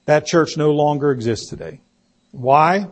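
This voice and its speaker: Preacher guy, husky, slow, tells a church story from the pulpit. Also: fairly high pitch. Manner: storytelling preacher, slow and deliberate, acts out quotes. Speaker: pastor. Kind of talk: sermon.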